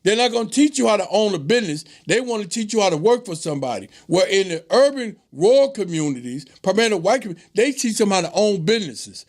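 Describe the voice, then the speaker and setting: A middle-aged man hosting an informal history lesson, preachy and animated, often repeating himself for emphasis. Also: sits high, quick pace, few pauses. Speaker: host.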